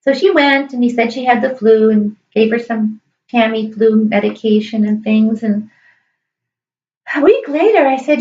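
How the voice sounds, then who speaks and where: A middle-aged woman, a high school teacher, telling a personal story in an earnest, emotional, emphatic way. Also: normal speed, a little mellow. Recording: echoey room, distant dull mic.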